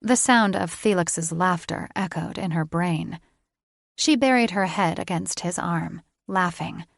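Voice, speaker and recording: A woman narrating a fantasy audiobook in a measured, unhurried storytelling manner. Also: fairly low pitch, vocal fry, no echo, studio quality.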